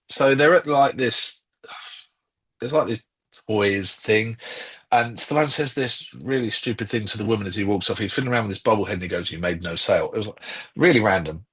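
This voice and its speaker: A man's voice: fairly low pitch, a bit bright, slightly rough. A man co-hosting a film podcast, chatting casually and rambling with lots of ums and restarts. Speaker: podcast co-host. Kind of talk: casual film review chat.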